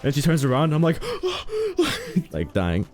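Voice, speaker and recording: Animated, joking male streamer. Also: medium pitch, quick pace, soft background music. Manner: joking, rambling, animated storytelling. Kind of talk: casual live-stream chat while gaming.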